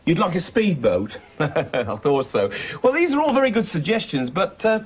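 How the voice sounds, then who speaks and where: Cheery high-voiced children's TV presenter man. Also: wildly swooping pitch, normal speed, a little hiss or hum. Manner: cheery, chatty, playfully teasing. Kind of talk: scripted talk to puppets.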